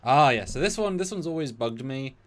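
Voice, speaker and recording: A man's voice: medium pitch, expressive, fairly quick. A man co-hosting a casual live stream, rambling and restarting his sentences. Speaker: podcast co-host.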